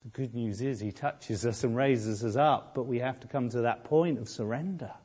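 A man preaching a sermon, moving between quiet, hushed reflection and rousing, shouted exhortation. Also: medium pitch, moderate pace, breathy edge. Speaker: pastor. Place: church.

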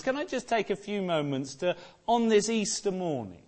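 Male preacher, slightly high voice; earnest Easter sermon full of repeated rhetorical questions. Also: sing-song, moderate pace, a little mellow.

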